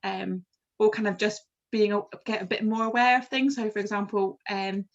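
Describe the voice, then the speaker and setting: Brief: English woman running an online carers' workshop, friendly and explanatory, mid pitch, slightly muffled video-call sound. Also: fairly even intonation, moderate pace. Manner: explanatory, friendly, with many "um" and "kind of". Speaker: wellbeing practitioner leading a carers' session. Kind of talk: online group workshop talk.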